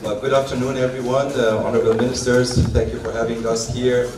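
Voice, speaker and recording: Guy greeting the officials, monotone, lots of uhs, far from the mic, noise clear behind him. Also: mid-range voice, brisk. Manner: flat, hesitant, with many fillers. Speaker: speaker greeting the dignitaries. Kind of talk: formal greeting. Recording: echoey hall, distant mic, clear background noise.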